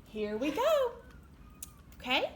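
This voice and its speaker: A woman's voice: high voice, wildly swooping pitch, takes it slowly, background noise. A woman librarian leading a baby storytime, cheery and encouraging, singing songs and making animal sounds. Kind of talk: sing-along storytime for babies.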